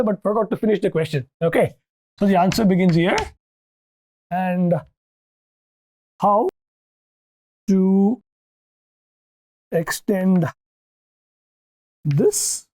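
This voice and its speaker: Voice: mid-range voice, a little mellow. A lecturer giving a university lecture, thinking aloud with restarts and often asking "okay, right?" to check that students follow.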